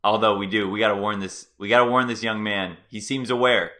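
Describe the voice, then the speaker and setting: Man, host, playful excited commentary, talks to viewers, bright forceful voice, slightly low pitch. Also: fairly quick. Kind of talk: casual reaction commentary.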